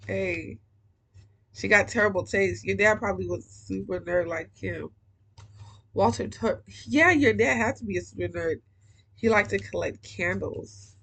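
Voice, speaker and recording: A woman's voice: lowish voice, unhurried, a bit bright, breathy edge, rough recording. A woman reading a young-adult novel aloud, breaking off for casual, slangy comments. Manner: casual slangy asides between passages. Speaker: book reader.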